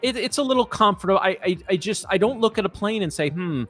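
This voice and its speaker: A man's voice: high voice, fast talker, a bit bright, soft background music. Dry, sarcastic man on a stream. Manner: dry, sarcastic teasing with stammered restarts. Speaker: trading show co-host. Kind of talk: casual live-stream chat.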